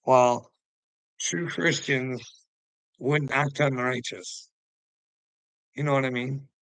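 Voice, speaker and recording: Male vlogger, gravelly and bright-edged, preachy and taunting, rambling monologue, dry close mic. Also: medium pitch, steady tone, slow, no room sound, low-quality recording. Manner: preachy and taunting, jumps between topics, laughs to himself. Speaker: vlogger answering commenters. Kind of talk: casual rambling monologue to viewers.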